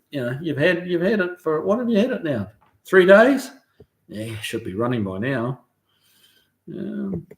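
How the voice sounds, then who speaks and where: Relaxed New Zealand man chatting live. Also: mid-range voice. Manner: relaxed and chatty, many ums and uhs, friendly banter. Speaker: car shop owner hosting a live stream. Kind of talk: casual live-stream chat, reading out viewer comments.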